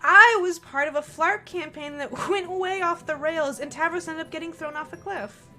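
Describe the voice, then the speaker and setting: A woman voices a brash, bossy teenage troll girl from a game: loud, pushy, defensive, with a valley-girl tilt, leaning on every line. The voice is high and bright with wide pitch swings at a moderate pace. Faint music plays behind.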